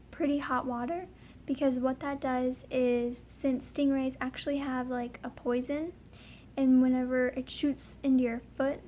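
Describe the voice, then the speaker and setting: A woman's voice: high voice, warm tone, a little hiss or hum. A young woman telling a personal story in a casual vlog, rambling with lots of ums and likes. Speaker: vlogger.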